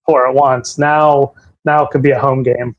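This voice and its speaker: A man's voice: mid-range voice, little pitch movement, normal speed, narrow, tinny audio, a crowd in the background. A man co-hosting a podcast, mostly giving short reactions and laughing in casual chat. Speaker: podcast co-host.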